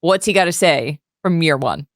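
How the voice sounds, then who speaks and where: A woman's voice: low voice, expressive, normal speed, no echo. Female sports co-host, wry and upbeat, dry close-mic sound. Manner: wry and upbeat, laughs often. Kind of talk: comedic sports chat.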